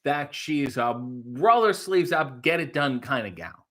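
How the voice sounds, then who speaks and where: A man's voice: mid-range voice, expressive, measured pace, a bit bright. A man hosting a casual livestream, reading chat messages and making wry jokes. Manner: wry, joking asides to the chat. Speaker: livestream host.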